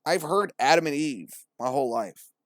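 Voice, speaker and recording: A man's voice: fairly high pitch, expressive, moderate pace, dry recording, studio quality. A young man hosting a podcast, giving profane, mocking, slangy comedic commentary. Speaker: podcast host.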